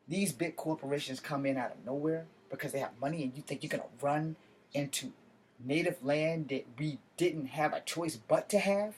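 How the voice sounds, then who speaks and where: A man's voice: on the high side, moderate pace, slightly rough, rough recording. A man giving an emotional, impassioned vlog rant, swearing and building to outbursts. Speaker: video blogger.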